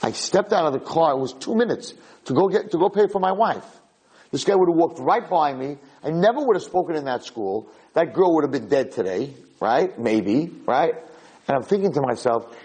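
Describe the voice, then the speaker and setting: A middle-aged American man, a rabbi, giving an animated storytelling lecture and acting out the people in his story. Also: fairly high pitch, normal speed, slightly rough, low-quality recording.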